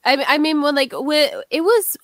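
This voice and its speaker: A woman's voice: high voice, moderate pace, no room sound, studio quality. A young woman co-hosting a podcast, chatting casually, laughing often and swearing while she tells stories. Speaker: podcast co-host. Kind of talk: casual chat.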